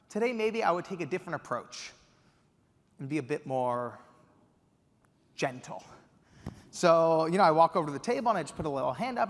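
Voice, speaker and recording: A young man giving a keynote speech, telling an animated story with excited quoted outbursts. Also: a little high. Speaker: keynote speaker. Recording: reverberant hall.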